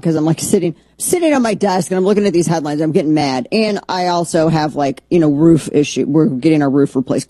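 A woman's voice: fairly low pitch, dark tone, dry recording. A middle-aged woman hosting a political talk radio show, combative and sarcastic in her monologue.

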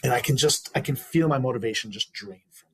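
On a low-quality recording, an interview guest with a very husky mid-range voice talks a little fast as he shares a personal story. His manner is earnest and reflective, with frequent small restarts.

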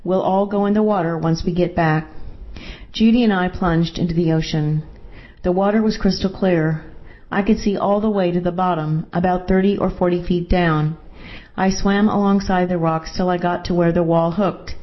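A woman narrating a first-person story in a calm, measured way. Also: fairly low pitch, lo-fi sound.

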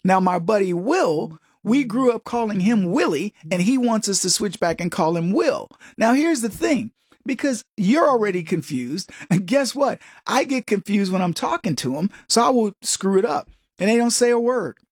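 Husky-voiced man giving blunt commentary. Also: high voice, expressive, normal speed, no echo, clean studio sound. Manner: emphatic, repeats words, talks straight to viewers. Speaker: commentary host. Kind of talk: opinion commentary monologue.

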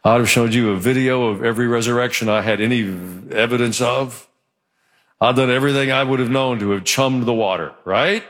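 A man's voice: mid-range voice, fairly even intonation, fairly quick, a bit bright. A male pastor preaching a sermon in church, in a conversational, joking manner. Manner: conversational and joking, acts out quotes.

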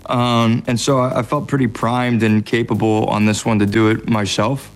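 A man with an American accent, a guest actor chatting casually in an interview, laid-back and self-deprecating, getting animated when telling stories. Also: mid-range voice, moderate pace, soft background music.

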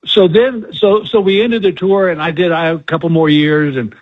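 A man's voice: high-pitched, steady tone, moderate pace, slightly rough, no room sound. An older male comedian telling candid, self-deprecating stories as a guest, with a dull lo-fi sound. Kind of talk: storytelling interview.

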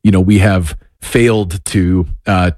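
A man's voice: deep voice, fairly even intonation, measured pace, a little mellow, no room sound, studio quality. A male host in a casual interview, thoughtful and affirming, asking follow-up questions.

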